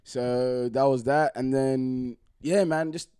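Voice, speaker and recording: A man's voice: medium pitch, fairly even intonation, takes it slowly, dark tone, smooth. A young Australian man hosting a podcast, laid-back and slangy, laughing often as he chats. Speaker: podcast host. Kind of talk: casual chat.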